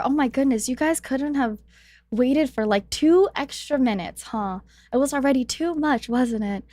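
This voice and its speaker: A young woman chats as a podcast host, her voice sitting on the higher side. She jokes and teases her guest constantly, breaking into laughs. The sound is close and dry, with no room at all. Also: a little mellow, no echo. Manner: playful, teasing, quick to laugh. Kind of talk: casual podcast chat.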